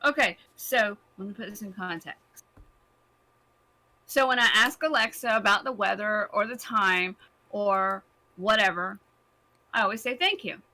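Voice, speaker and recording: A woman's voice: medium pitch, a little slow, long pauses, bright, forceful tone. A woman co-hosting a casual podcast chat, wry and laughing along with the host.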